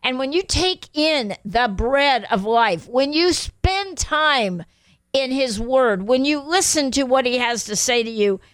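A woman's voice: sits high, expressive, unhurried, a bit bright, smooth, no room sound. A woman pastor hosting a radio show, preaching emphatically and affirming her guests. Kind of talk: radio sermon talk.

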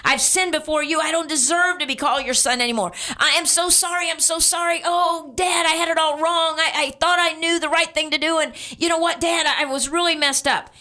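A woman's voice: sits high, fast, hardly any pauses, bright, forceful tone, pitched above the performer's own voice. A woman preacher voicing a remorseful young man who pleads tearfully with his father and apologizes. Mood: pleading, contrite.

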